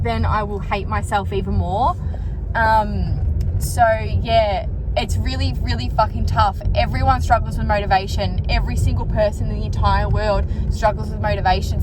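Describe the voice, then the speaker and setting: A woman's voice: mid-range voice, background noise. Chatty Australian woman vlogging from the car. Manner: chatty and candid, swears freely, rambling fillers. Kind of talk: casual vlog chat. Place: car, driving.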